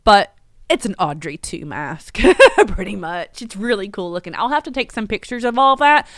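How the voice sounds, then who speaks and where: A chatty woman hosts a live stream from her own store. Her voice is bright and lively, swinging up and down in pitch. The sound is dry and close. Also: moderate pace, no echo. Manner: chatty, lots of ums, excitable. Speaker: shop owner hosting a livestream. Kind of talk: casual live stream chat.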